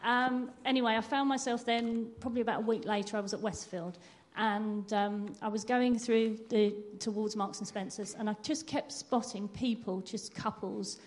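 A woman's voice: fairly high pitch, steady tone, moderate pace, hardly any pauses. A woman sharing a candid personal testimony at church, with self-deprecating laughs.

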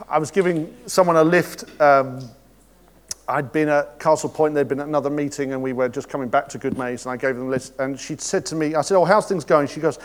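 A man's voice: on the high side, a little fast. A man giving an informal sermon, chatty and joking, with many restarts. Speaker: preacher.

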